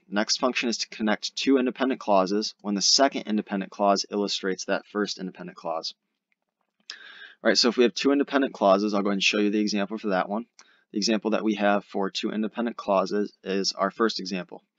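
Young male tutor, low voice, relaxed explainer, dry muffled mic. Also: brisk, no echo. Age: young adult. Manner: casual, explanatory, uses fillers like "all right". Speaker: SAT tutor. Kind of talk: screen-recorded grammar lesson.

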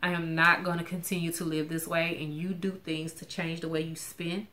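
A woman talks in a candid, chatty way to camera, often restarting her sentences. Her voice sits a little low but has a bright, forceful edge. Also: little pitch movement, moderate pace. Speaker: vlogger sharing her budget. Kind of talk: casual chat to camera.

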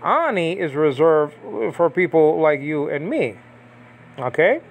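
A man giving a casual Bible language lesson, talking conversationally and checking in often with his listeners. He pauses and restarts as he reads text aloud from a screen. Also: fairly high pitch, sing-song. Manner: conversational, checks in with frequent "okay?" and "you understand?". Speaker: Bible teacher.

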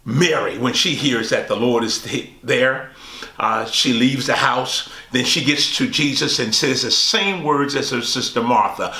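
Man, pastor, teaching Bible study, slow, bright voice, echoey room. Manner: animated, swoops high on quoted lines, says "y'all".

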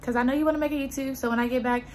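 A woman's voice: sits high, fairly even intonation, rapid-fire, a little hiss or hum. A woman hosting her own channel in a casual vlog chat, effusive and repetitive as she talks straight to her viewers.

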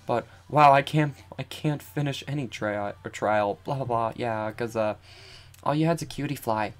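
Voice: medium pitch, moderate pace, faint music behind. Chatty, giggly young streamer. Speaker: let's play streamer. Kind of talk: casual game commentary.

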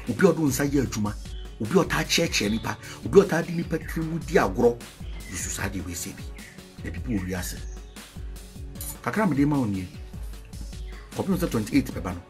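A Ghanaian-accented spiritual leader preaches while promoting his products, singing out phrases and swinging between loud shouts and low murmurs.

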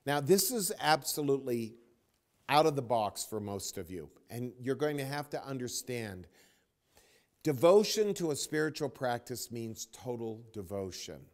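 A man giving a spiritual talk as a teacher, telling a story with dramatic pauses and dropping to a near whisper. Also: medium pitch, big pitch swings. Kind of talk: spoken dharma talk.

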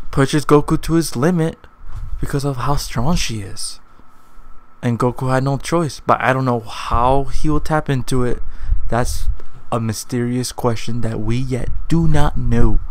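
A man's voice: medium pitch, poor audio. A man hosting his own video, talking casually and rambling, often correcting and repeating himself. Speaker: anime video host. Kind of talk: casual commentary vlog.

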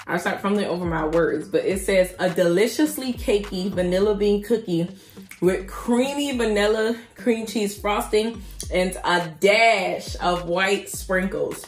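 An excitable, chatty woman doing a casual mukbang-style cookie review for her viewers. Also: mid-range voice, unhurried. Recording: roomy echo with faint music.

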